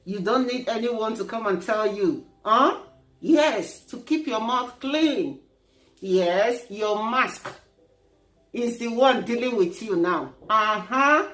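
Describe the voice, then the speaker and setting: A woman's voice: on the high side, animated, slow, a bit bright, reverberant. A Nigerian woman vlogging in a playful, teasing and preachy tone, joking as she lectures her viewers. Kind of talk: casual humorous vlog.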